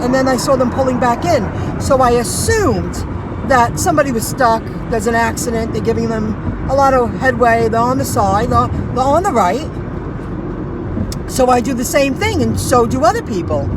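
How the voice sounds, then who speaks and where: A woman's voice: high voice, background noise. A woman who drives for food delivery, telling a rambling story on a casual livestream, repeating herself and restarting sentences.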